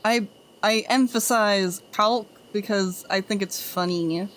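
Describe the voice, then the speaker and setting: A woman's voice: mid-range voice, slow pace. A woman streamer chatting casually with her chat, telling groan-worthy jokes and giggling at them.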